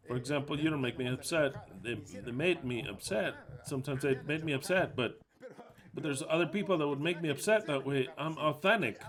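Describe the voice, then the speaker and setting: A man interpreting a preacher live, his voice sitting a little high. He talks in an agitated, emphatic way, swearing and repeating lines for force. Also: fairly quick, fairly bright tone. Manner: agitated, cursing, emphatic repetition. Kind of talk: live spoken interpretation of a heated sermon talk.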